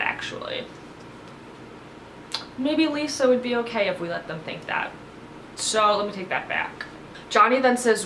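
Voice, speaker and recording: A woman's voice: medium pitch, pushed and bright, echoey room, slight background noise, low-quality recording. A woman recapping a reality TV episode in a casual, chatty way, acting out the quotes with big jumps in her voice.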